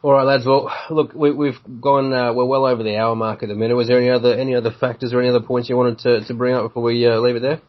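A man's voice: medium pitch, flat delivery, racing, hardly any pauses. Enthusiastic Australian man hosting a sports podcast. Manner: laughs easily, enthusiastic, blokey slang. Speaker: podcast host. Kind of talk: casual sports chat. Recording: dull lo-fi podcast audio.

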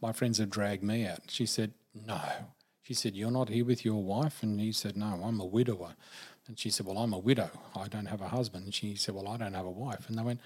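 An older man telling a personal story, lively and acting out the voices of the people in it. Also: mid-range voice, brisk, husky. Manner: animated, acts out quoted voices.

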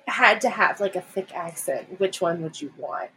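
A young woman from the Midwest co-hosting a podcast in casual chat, giggly and animated, often gasping and exclaiming. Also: on the low side, moderate pace, a little hiss or hum, poor audio. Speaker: podcast co-host.

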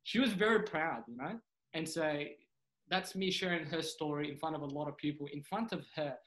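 A young man from Sudan chats casually as a stand-up comedian guest on a podcast. His voice sits a little higher than most men's, and he tells his stories with animated energy. He slips into acted-out voices for the people he quotes. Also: brisk, poor audio. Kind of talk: casual storytelling chat.

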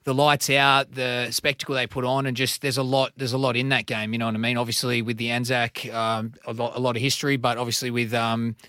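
A man's voice: mid-range voice, little pitch movement, fairly quick, few pauses, pushed and bright, no room sound, studio quality. A man, a football player guesting on a radio show, easygoing and rambling with repeated words. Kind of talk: casual radio interview. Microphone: studio mic.

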